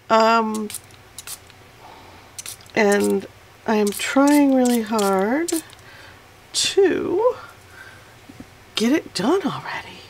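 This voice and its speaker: A woman's voice: a little high, expressive, extremely slow, pauses often, slight background noise, poor audio. A woman hosting a casual watercolor tutorial, chatty and self-deprecating as she narrates each painting step.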